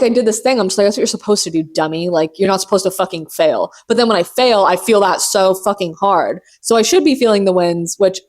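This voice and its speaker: Hyped-up, swearing young woman podcaster. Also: mid-range voice. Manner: animated, profane, self-mocking, fast bursts. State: caffeinated and hyped. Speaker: podcast host. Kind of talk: casual solo podcast chat.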